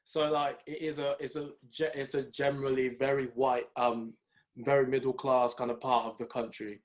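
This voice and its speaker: A man's voice: mid-range voice, normal speed. Young guy telling a story. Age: young adult. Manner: animated storytelling, mimics people in raised voices. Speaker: podcast co-host. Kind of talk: casual chat.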